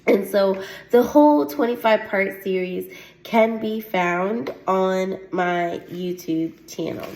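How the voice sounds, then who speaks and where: A woman's voice: mid-range voice, slow pace, a little mellow, a little hiss or hum. A woman hosting a faith show who teaches a sermon and reads scripture aloud. She speaks earnestly, often says "Amen" and laughs lightly now and then. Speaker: host of a faith testimony show. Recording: echoey room.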